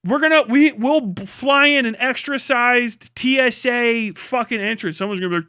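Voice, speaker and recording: High, bright-voiced man ranting profanely. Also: moderate pace, hardly any pauses, clear, resonant tone, no room sound, clean studio sound. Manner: profane, rambling, animated. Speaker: live streamer. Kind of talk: comedic rant.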